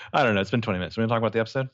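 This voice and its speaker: A joking man co-hosts a podcast in a loose, animated chat. His voice sits a little low and sounds dry, with a dull, slightly lo-fi tone. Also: no room sound. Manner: animated, joking, with swearing and laughs. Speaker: podcast co-host. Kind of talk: casual chat.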